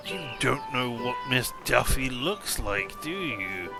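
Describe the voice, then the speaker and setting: A man's voice: medium pitch, sing-song, slow, gravelly. Man musing through a detective game. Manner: muttering thoughts aloud, reading options. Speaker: let's play host. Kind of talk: casual game commentary. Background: game music.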